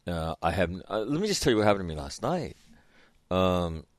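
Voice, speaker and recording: A man's voice: low voice, sing-song, brisk, no echo. A middle-aged man telling a casual story as a host, rambling with many fillers and restarts. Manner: rambling, lots of fillers and restarts, laughs at own stories. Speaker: podcast host.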